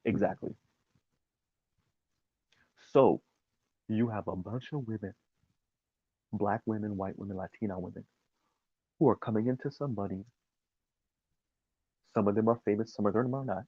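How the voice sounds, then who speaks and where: A man's voice: fairly low pitch, normal speed, pauses often, slightly rough, dry recording, narrow, tinny audio. A man giving an emphatic, sarcastic opinion commentary, often laughing at his own points.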